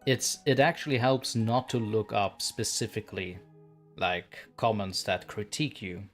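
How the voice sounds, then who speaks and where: A man's voice: on the low side, normal speed, faint music behind. A man hosting a casual video chat, talking bluntly and laughing often. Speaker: podcast host.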